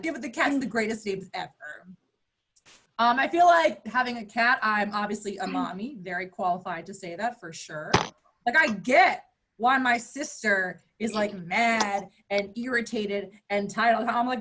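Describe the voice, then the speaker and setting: A woman in her thirties doing a bawdy stand-up set, playful and crude, often jumping into high mock voices for punchlines. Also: animated, normal speed, a bit bright, a little hiss or hum. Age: 30s. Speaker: stand-up comedian.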